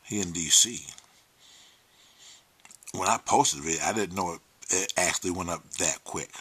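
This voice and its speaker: A man with a low, husky voice that sounds pushed and bright hosts his own livestream at a moderate pace. In a casual monologue, he talks candidly and emotionally, swears freely, and sometimes drops to a near-whisper.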